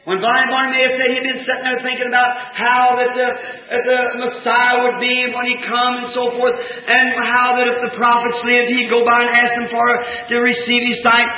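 A high-pitched man preaching a fervent sermon, acting out each scene with shouts and chanted lines. The sound is thin and tinny, like an old tape, and it rings in an echoey room. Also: completely flat delivery, moderate pace, hardly any pauses.

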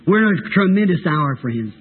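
A man preaching a sermon with a raspy voice, telling a story dramatically and with fervor. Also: on the high side, animated, moderate pace. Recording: tinny phone-like old recording.

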